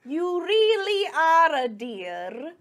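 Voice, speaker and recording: A woman's voice: extremely high pitch, very animated, drawn-out words, full character voice. A woman playing a glamorous, drawling adventuress. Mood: gracious.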